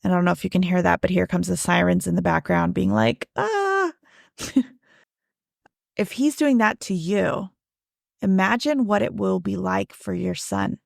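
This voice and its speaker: A woman's voice: lowish voice, moderate pace, gravelly, a little mellow, no room sound, clean studio sound. A woman in her thirties hosting her own podcast, telling a personal story in a casual, conversational way, full of "like" and "right?". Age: 30s. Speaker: podcast host.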